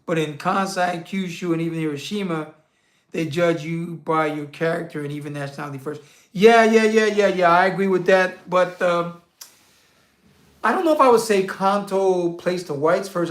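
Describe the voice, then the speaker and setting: A man with a slightly high voice hosts a relaxed livestream in a roomy-sounding space. He reads viewer comments out loud and answers them loosely, using slang and laughing often.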